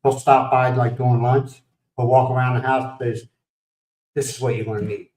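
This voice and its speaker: A man's voice: mid-range voice, level tone, moderate pace, a little mellow, roomy sound, far from the mic, rough recording. A man from the United States hosting a livestream, chatting casually, telling rambling stories, laughing and greeting viewers by name. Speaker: livestream host. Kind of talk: casual chat.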